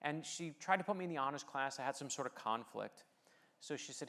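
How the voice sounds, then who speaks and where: Animated and a little fast, this middle-aged man from the United States speaks at medium pitch with a sharp tone. As a keynote speaker and novelist, he delivers a motivational talk full of personal stories, light humor, and calls to rally the crowd.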